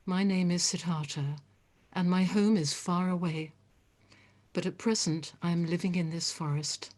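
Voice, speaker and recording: A woman voicing a gentle, reassuring hermit. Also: lowish voice, steady tone, unhurried. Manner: quiet, reassuring, kind. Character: gentle kind man, a calm, reassuring forest hermit.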